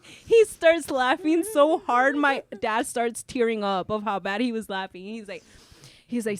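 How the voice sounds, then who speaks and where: Animated young woman telling funny stories. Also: on the high side, no echo. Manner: animated, laughing, quick to act out voices. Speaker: podcast guest. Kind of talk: casual storytelling chat.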